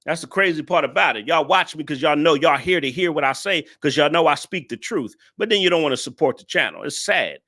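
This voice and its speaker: Ranting bright-voiced male reaction host. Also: on the high side, lively intonation, brisk, hardly any pauses. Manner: blunt, ranting, profane, scolding viewers. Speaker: male content creator reacting to a video. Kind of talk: casual reaction commentary.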